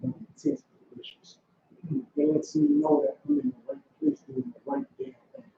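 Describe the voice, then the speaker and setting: A man's voice: very high voice, steady tone, moderate pace, gravelly. A man leading a class, preaching in a commanding way and repeating short demands. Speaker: school leader teaching a class. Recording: echoey room, far from mic, dull lo-fi.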